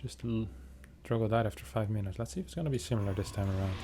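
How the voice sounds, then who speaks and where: A man casting a strategy game match in a chatty, joking way, reacting fast to the play. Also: lowish voice, dark tone, slight background noise. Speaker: esports caster. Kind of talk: casual game commentary.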